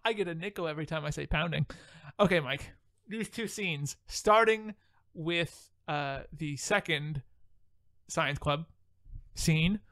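Podcast host, male, high-pitched, dry close sound, animated and quick to laugh. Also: dry recording. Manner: animated, laughs often, swears casually. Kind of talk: casual chat.

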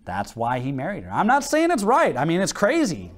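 Animated American pastor preaching. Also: male voice, on the high side, a little fast. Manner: animated preaching, acts out dialogue, laughs often. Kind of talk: sermon.

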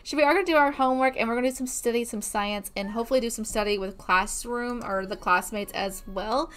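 A woman's voice: fairly high pitch, fast talker, a bit bright. A woman hosting a casual gameplay let's play, gushing with bubbly exclamations as she plays.

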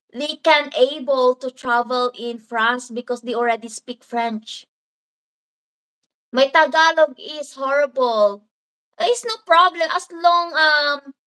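A woman's voice: high-pitched, sharp tone, rough recording. A woman from the Philippines with a Filipino accent, hosting a casual live stream and chatting through viewer comments in a rambling way, with Filipino words mixed in. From Philippines (Davao). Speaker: livestream host.

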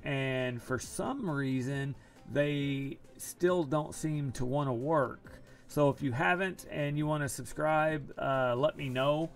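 A man's voice: mid-range voice, creaky. A man live-streaming an online card game from home, chatting casually and groaning about his bad luck.

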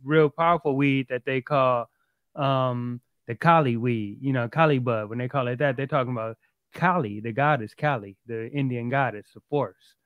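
A man talks through history in a relaxed podcast conversation, laying out his points one after another like a patient teacher. His voice sits at an ordinary pitch. The sound is close and dry, with no room around it. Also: moderate pace, no room sound, phone-quality sound. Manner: explains history at length in a steady, lecturing way. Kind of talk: casual podcast chat.

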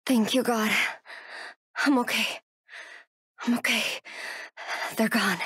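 An actress voicing a frightened young woman from Texas in a video game, wounded and hiding, whispering to herself to keep calm. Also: on the high side, takes it slowly, breathy edge, no echo, clean studio sound, full character voice. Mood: fearful. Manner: whispers and talks herself through danger. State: wounded and in pain. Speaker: game character.

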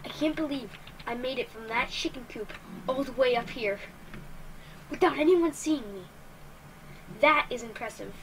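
A woman giving excitable let's play commentary while she plays, exclaiming and talking to herself. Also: high-pitched, moderate pace, pauses often, a crowd in the background. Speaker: gamer.

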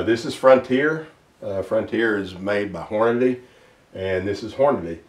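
A man explaining his reloading gear in a casual, unhurried way, thinking aloud with plenty of fillers. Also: lowish voice, distant mic. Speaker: ammunition reloading hobbyist. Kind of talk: casual instructional talk. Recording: roomy sound, mic set back.

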